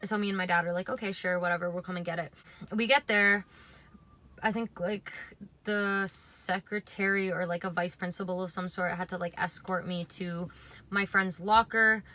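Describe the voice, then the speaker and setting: A woman's voice: lowish voice, fairly even intonation, normal speed, pushed and bright. A young woman telling a storytime on her vlog, rambling and swearing, with lots of "like" fillers. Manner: rambling, swearing, heavy use of "like". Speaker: vlogger. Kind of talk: casual storytime.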